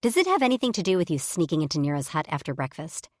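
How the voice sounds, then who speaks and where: A woman's voice: low-pitched, big pitch swings, fast talker, no room sound, studio quality. A woman voicing a bubbly, nosy young woman who eagerly wheedles for gossip in an audiobook. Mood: eager teasing.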